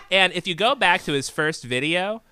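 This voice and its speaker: A man's voice: high voice, pushed and bright, clean tone, no echo. A man who is a comedian, delivering an absurd made-up story in a mock-serious way. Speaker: stand-up comedian guest.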